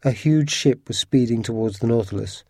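A man's voice: mid-range voice, normal speed, dark tone, dry recording, clean studio sound, natural voice. A man reading as a restless, scheming harpooner. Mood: urgent. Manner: urgent and plotting. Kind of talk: storybook reading.

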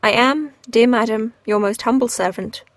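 A cold, formal young gentleman's letter, measured and polite, as read by a woman narrator. The voice is a little high and close, with a dry read-aloud sound. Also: dry recording, lightly acted.

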